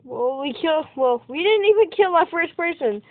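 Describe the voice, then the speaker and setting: A woman's voice: very high-pitched, normal speed, dry recording. A woman giving casual let's-play commentary over her gameplay, exclaiming and yelping at every surprise. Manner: excitable, exclaims and yelps at in-game surprises. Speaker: gamer recording gameplay commentary. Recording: tinny phone-like dry recording.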